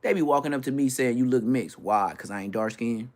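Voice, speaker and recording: A man from Florida, a YouTuber, ranting casually with brash, profane talk and quick mimicry of other people. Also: medium pitch. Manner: animated, brash, swearing, mimics others' voices.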